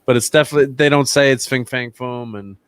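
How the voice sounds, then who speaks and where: A man's voice: mid-range voice, fairly even intonation, fast talker, clean tone, dry recording. Rambling man reviewing a film, dry sound. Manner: rambling, many fillers and restarts, laughs often. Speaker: channel host, film reviewer. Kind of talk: casual film review chat.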